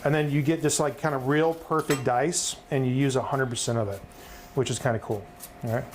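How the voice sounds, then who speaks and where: A man's voice: mid-range voice, steady tone, fairly quick, noisy background. A middle-aged man, host of a live cook-along, talking through his recipe in an upbeat, chatty way and often asking "right?". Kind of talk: live cooking demonstration.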